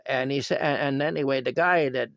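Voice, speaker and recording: A man's voice: medium pitch, steady tone, fairly quick, vocal fry, a bit bright, no echo. A man telling a rambling story casually, with chuckles and asides.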